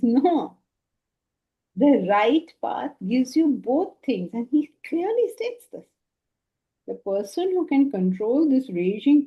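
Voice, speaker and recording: Woman teacher giving an animated lecture. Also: high voice, lo-fi sound. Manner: animated, with rhetorical questions and repeated words. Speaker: spiritual teacher. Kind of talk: philosophy lecture with storytelling.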